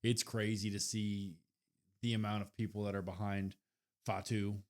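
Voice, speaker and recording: A young man with a fairly low voice, co-hosting a wrestling podcast. He talks in an easygoing, offhand way, tossing out his opinions on the show. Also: little pitch movement, normal speed, darkish tone. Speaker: podcast co-host. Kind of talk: casual wrestling recap chat.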